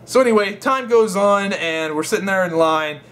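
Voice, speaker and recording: A man's voice: high voice, animated, moderate pace, a bit bright, slight background noise. A young man telling a rambling, swear-filled story in a casual vlog. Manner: rambling, swears a lot, laughs while telling. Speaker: gaming vlogger.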